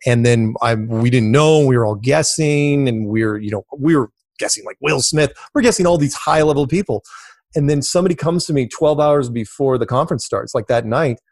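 A man's voice: a little fast, darkish tone, dry recording. Rambling middle-aged man, dry close mic. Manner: rambling, repeats words, jumps to high pitch in quotes. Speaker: interview guest. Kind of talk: casual storytelling.

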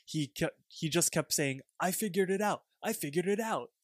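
A man's voice: medium pitch, lively intonation, moderate pace, a bit bright, dry recording, studio quality. A man voicing an older male park worker as he tells an old story, in a raised, earnest storytelling voice.

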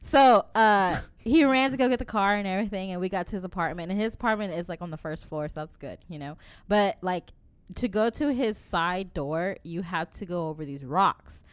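A woman's voice: lowish voice, moderate pace, clear, resonant tone, dry recording. A woman in her late twenties telling a story in casual chat, acting out quotes, swearing freely and laughing often.

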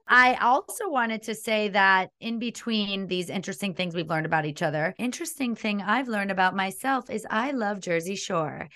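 Bright-voiced chatty woman co-host. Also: medium pitch, normal speed. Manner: chatty, laughs often, animated when quoting others. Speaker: podcast co-host. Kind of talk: casual chat, storytelling.

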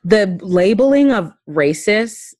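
A woman's voice: medium pitch, lively intonation, slow, a little mellow, dry recording, rough recording. A woman comedian talking in a casual conversation, emphatic and blunt, with bursts of profanity.

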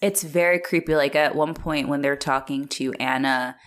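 A woman with a low, grounded voice talks through a film in relaxed, casual conversation. She is chatty and animated, scattering filler words as she retells scenes. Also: normal speed.

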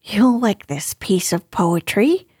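A woman voicing a brisk, bossy male rabbit who is hatching a plan, in a storybook reading. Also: mid-range voice, animated, darkish tone, breathy edge, no room sound, clean studio sound.

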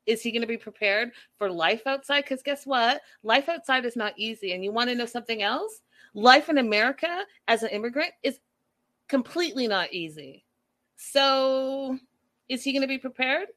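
A young adult woman hosting a live stream, giving an animated, opinionated recap of a reality show with sassy asides. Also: fairly high pitch, normal speed.

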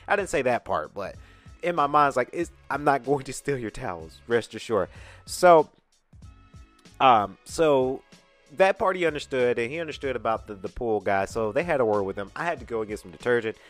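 A male podcast host from Atlanta, USA, tells a story casually and emphatically, animatedly acting out the quoted dialogue. He speaks at medium pitch and a moderate pace over soft background music.

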